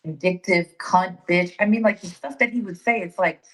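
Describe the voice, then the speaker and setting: Rambling low-voiced woman. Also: normal speed, rough recording. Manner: rambling, restarts her sentences. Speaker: guest speaker in an audio chat room. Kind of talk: casual group audio chat.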